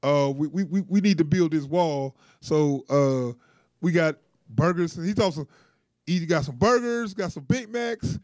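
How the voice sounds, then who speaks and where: A high-pitched man chatting casually as co-host, with a very lively, swooping voice. He laughs a lot and plays out the quotes he tells. The sound is dry and close. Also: measured pace, no echo. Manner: animated, laughing, acts out quotes. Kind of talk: casual reaction chat.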